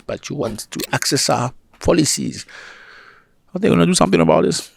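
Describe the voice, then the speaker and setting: A man giving casual opinion commentary to his viewers, animated and full of rhetorical questions and chuckling asides. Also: medium pitch, brisk, gravelly, husky, no echo, clean studio sound.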